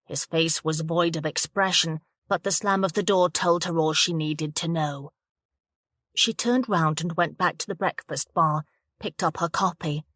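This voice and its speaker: A woman reading a thriller audiobook aloud in a steady, measured narration. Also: sits low, no room sound, studio quality. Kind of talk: scripted narration of a thriller novel.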